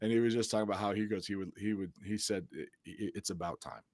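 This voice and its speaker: A man hosting a casual ministry conversation, telling animated stories and laughing often. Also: fairly low pitch, rapid-fire, no room sound. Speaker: youth ministry podcast host.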